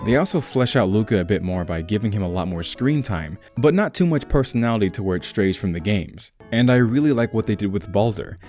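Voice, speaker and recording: A man's voice: fairly low pitch, expressive, brisk, few pauses, darkish tone, soft background music. A young man hosting a comedic game retrospective, with a sarcastic, irreverent and profane manner. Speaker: video essay host.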